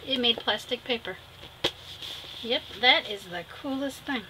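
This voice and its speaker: Her voice sitting a little high and her pace unhurried, a craft vlogger walks viewers through a project in a relaxed, affectionate way, laughing at herself along the way. There's noticeable noise behind her.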